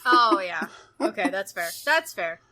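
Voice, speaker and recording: A young woman co-hosting a casual podcast chat, gushing and squealing with excitement, swearing freely. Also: medium pitch, unhurried. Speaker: podcast co-host.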